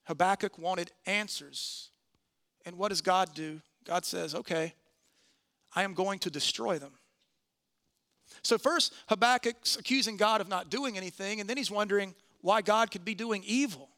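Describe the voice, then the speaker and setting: A man preaching a sermon in church, earnest, slowing and softening on key phrases. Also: high-pitched.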